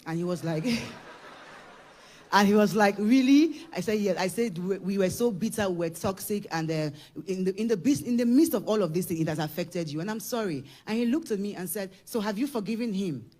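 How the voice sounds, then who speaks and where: A middle-aged woman with a Ugandan accent shares a church testimony. She tells it quietly at times, then rises to loud, shouted praise. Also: mid-range voice, lively intonation, moderate pace. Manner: emotional, building from hushed telling to shouted praise.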